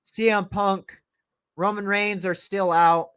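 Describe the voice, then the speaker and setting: A man with a high-pitched voice, starting to lose it, livestreaming excited play-by-play reactions to a wrestling match from his home computer. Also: slow pace, smooth, dry recording. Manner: excited play-by-play, calling moves as they happen. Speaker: livestream host. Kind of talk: live wrestling reaction commentary.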